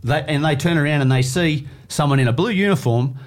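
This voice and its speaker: Australian male podcast co-host, conversational storyteller, animated delivery. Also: a little high, fairly quick. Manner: animated storyteller, acts out quotes. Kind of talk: casual chat.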